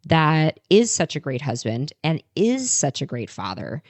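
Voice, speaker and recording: A woman's voice: low voice, sing-song, a little slow, darkish tone, no echo. A woman in her thirties co-hosting a podcast, telling candid stories and affirming her co-host. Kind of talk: casual chat.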